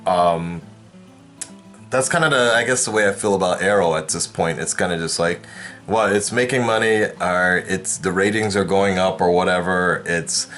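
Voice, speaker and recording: A man's voice: low voice, a bit bright. A man hosting his own vlog in casual chat, projecting his voice toward a camera mic some distance away and rambling with lots of fillers and restarts. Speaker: YouTube reaction host.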